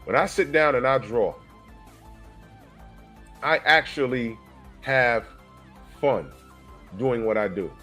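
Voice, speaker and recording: A man in his forties giving animated, casual commentary on a comic book, talking straight to his viewers. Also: medium pitch, takes it slowly, pauses often, faint music behind. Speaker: comic book reviewer and artist.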